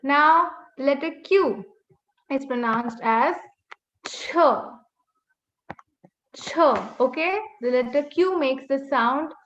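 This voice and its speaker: A woman's voice: sits high, takes it slowly, a bit bright, a little hiss or hum. A woman teaching an online class, patiently drilling words and correcting pronunciation over and over. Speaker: language teacher. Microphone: video call. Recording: echoey, dull webinar audio.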